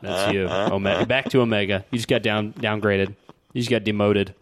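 A man's voice: on the low side, steady tone, moderate pace, no echo. A young man in casual, joking group banter, often laughing and arguing his point.

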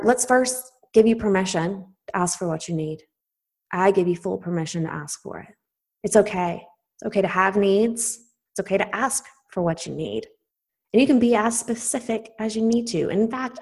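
Earnest woman hosting a motivational podcast. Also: medium pitch. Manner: earnest, personal, encouraging, with laughs and direct address. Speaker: podcast host. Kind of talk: solo motivational podcast talk.

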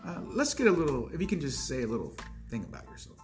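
A man's voice: mid-range voice, wildly swooping pitch, fast, darkish tone, faint music behind. A man hosting a casual podcast chat, asking questions in a hesitant way, full of uh fillers. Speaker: podcast host interviewing a guest.

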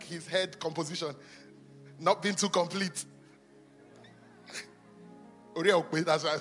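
A man preaching a sermon in a church, impassioned, often shouting with a sing-song cadence. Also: extremely high pitch. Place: church auditorium. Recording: echoey hall with faint music.

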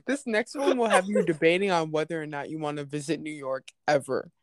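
A woman's voice: sits low, brisk, no echo, clean studio sound. A young woman telling a story in casual chat, laughing often and acting out the people she quotes. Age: young adult.

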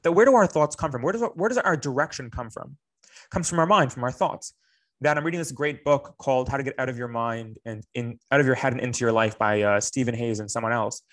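A man's voice: mid-range voice, fast, fairly bright tone. A young man giving a spoken Torah class in an earnest, reflective way, repeating phrases for emphasis. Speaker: Torah teacher.

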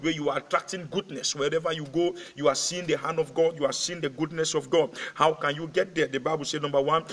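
A man's voice: fairly high pitch, fairly bright tone. A male pastor delivering an evening sermon in an emphatic, repetitive way, often asking "okay?" and restarting his sentences. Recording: long hall reverb.

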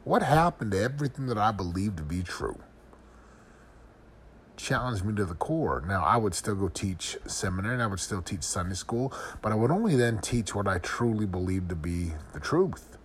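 A man's voice: fairly low pitch, lively intonation, normal speed, slight background noise. A middle-aged man hosting a podcast, speaking earnestly and confessionally in a personal reflective monologue, asking searching questions. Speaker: podcast host.

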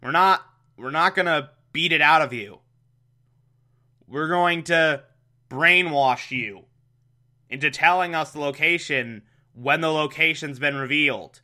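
A man's voice: on the high side, a little slow, pauses often, sharp tone. A man voicing a scheming crime boss who talks in a matter-of-fact, offhand way. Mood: smug.

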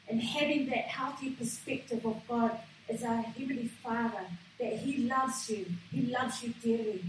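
A woman's voice: on the high side, heavy reverb, far from the mic, slight background noise, rough recording. A woman preaching a sermon in an earnest way, with frequent fillers and restarts.

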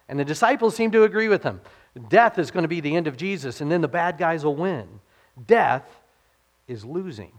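A man's voice: on the high side, expressive, normal speed. A man pastor giving a conversational sermon, posing rhetorical questions to the congregation and dropping his voice to quote scripture.

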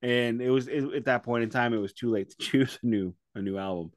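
Animated American man in a dry recording. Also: medium pitch, a little fast, no room sound. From United States. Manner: animated storyteller, exasperated. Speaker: podcast co-host. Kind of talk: casual chat.

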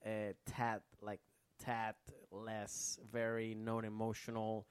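A man from Venezuela, a comedian guest on a podcast, talking casually with many restarts and "like"s, sometimes acting out relatives in a higher voice. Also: monotone, takes it slowly, clean tone, dry recording. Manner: rambling, full of restarts and "like"; acts out relatives' lines in a higher voice.

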